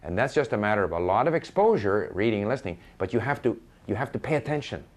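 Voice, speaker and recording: A man's voice: on the low side, big pitch swings, fast. An older man giving conversational advice on learning languages, often restarting his sentences and spelling words out letter by letter.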